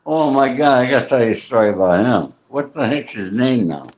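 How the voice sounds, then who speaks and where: A man's voice: medium pitch, animated, a little fast, darkish tone. A man hosting a casual chat, telling a rambling, profane story and acting out the dialogue he quotes. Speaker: show host. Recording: muffled lo-fi audio.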